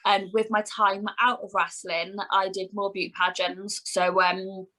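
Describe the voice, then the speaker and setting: Bright chatty woman in her 30s from wales, rambles on with loads of "like", casual podcast guest. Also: mid-range voice, little pitch movement, unhurried, rough recording. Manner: chatty, rambling, heavy use of "like". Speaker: guest, wrestler.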